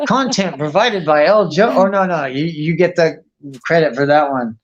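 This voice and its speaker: A man's voice: fairly high pitch, normal speed. Foul-mouthed man rambling on stream. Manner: profane, rambling, swears constantly. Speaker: guest on a live stream chat. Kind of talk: casual rambling chat. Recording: muffled lo-fi stream audio with faint music.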